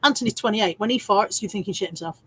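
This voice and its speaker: A woman's voice: medium pitch, quick pace, breathy edge. A middle-aged woman, hosting a casual live stream, reading viewer comments in a chatty, cheeky way with frequent laughs and the odd swear word. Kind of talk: casual chat.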